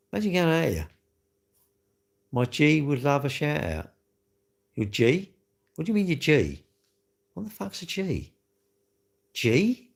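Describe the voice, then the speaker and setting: A man's voice: mid-range voice, vocal fry. A man chatting sarcastically with his live-stream viewers from home, mocking their comments. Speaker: livestreamer. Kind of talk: casual live-stream chat. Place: home, near his kitchen.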